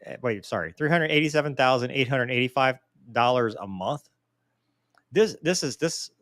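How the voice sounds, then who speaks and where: A man's voice: medium pitch, moderate pace, dry recording, studio quality. A man in his forties hosting a casual live Q&A, reading viewer mail and joking about himself. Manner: joking, self-deprecating, animated. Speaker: host answering viewer mail.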